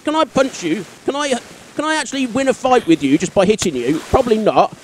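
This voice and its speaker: A man's voice: high voice, animated, a little fast, a little hiss or hum. An Englishman giving let's-play commentary on his own gaming, self-mocking and exasperated, often chuckling as he talks into a desk microphone. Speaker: gaming video creator.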